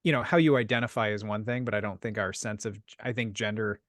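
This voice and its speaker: A man's voice: fairly low pitch, fast talker, fairly bright tone, no room sound, clean studio sound. A man co-hosting a podcast, talking in a casual, rambling way with frequent restarts and laughs. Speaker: podcast co-host. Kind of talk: casual chat.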